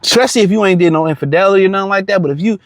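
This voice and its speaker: A man with a high voice talks through a casual reaction rant. He is blunt and profane, and he circles back with slang and filler words. The sound is dry and close, with no room echo. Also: racing. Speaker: commentator reacting to a clip.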